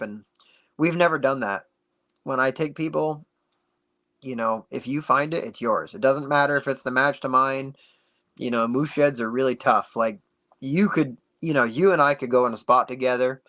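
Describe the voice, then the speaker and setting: A man guest on a podcast, telling a story in a casual, animated way and acting out the dialogue. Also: mid-range voice, normal speed. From United States. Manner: animated, acts out dialogue with many "like"s.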